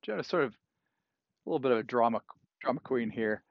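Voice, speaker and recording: A man's voice: medium pitch, animated, moderate pace, creaky, no echo, lo-fi sound. A man preaching a sermon in a conversational way, often checking in with "right?" as he retells a story. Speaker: pastor. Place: indoors, cool enough for a jacket.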